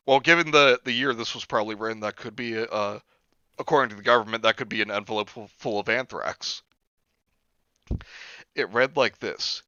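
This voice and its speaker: A man's voice: on the low side, moderate pace, pauses often, bright, forceful tone, clean tone, dry recording, dull audio. A young man hosting a stream, reading a book aloud with sarcastic asides and laughter. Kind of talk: comedic read-through with commentary.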